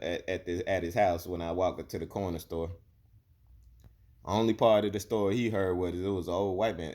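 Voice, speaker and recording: A young man from Alabama, delivering a blunt, profane, heated rant to camera. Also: low-pitched. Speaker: vlogger. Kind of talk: ranting monologue.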